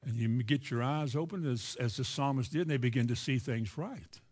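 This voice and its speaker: A man's voice: mid-range voice, moderate pace, darkish tone, slightly rough. A man with a Kentucky accent preaching a sermon in a folksy, earnest way, acting out the voices he quotes.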